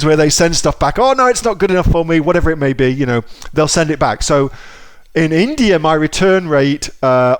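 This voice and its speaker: A man giving a casual screen-share tutorial about selling online, chatty, repeating himself and swearing offhandedly. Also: fairly high pitch. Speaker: online seller teaching.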